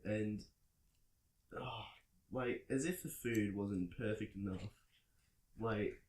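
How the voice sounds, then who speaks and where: A man's voice: lowish voice, slow pace, a little mellow, reverberant, slight background noise, rough recording. An Australian man hosting a casual chat, telling rambling stories full of fillers. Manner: rambling storyteller, full of "like" and "bloody". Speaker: podcast host. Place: indoors at a friend's home.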